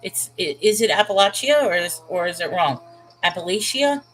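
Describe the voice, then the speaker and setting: A woman's voice: fairly low pitch, expressive, normal speed, fairly bright tone, a little hiss or hum, low-quality recording. Rambling, laughing woman chatting. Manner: rambling, self-interrupting, often laughing. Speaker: channel host. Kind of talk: casual chat.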